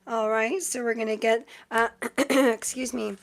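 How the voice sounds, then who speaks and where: Her voice slightly high and steady in tone, a woman reads the cards at a measured pace during a tarot live stream. She keeps up casual, filler-heavy chatter and frequently thanks those watching.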